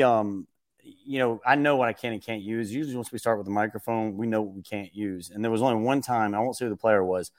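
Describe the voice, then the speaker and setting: A man's voice: lowish voice, no echo, clean studio sound. A man guest telling stories casually, acting out quotes in a raised voice and laughing often. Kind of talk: casual podcast storytelling.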